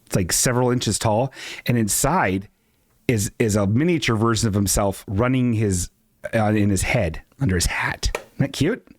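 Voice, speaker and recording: A man's voice: fairly low pitch, moderate pace, no echo, studio quality. A man hosting a live-streamed show, chatting casually and reading chat aloud in a flustered, rambling way. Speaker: podcast host.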